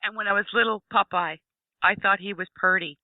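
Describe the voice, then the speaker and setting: A woman's voice: medium pitch, steady tone, fairly quick. A woman chatting on a radio talk show, tossing in dry, joking quips. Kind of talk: casual chat. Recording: tinny phone-like line.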